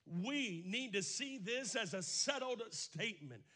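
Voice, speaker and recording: A man delivers a sermon as a pastor, with a high, bright, forceful voice. He swings between quiet, intense passages and shouted declarations. He drives his points home by repeating phrases. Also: animated, a little slow.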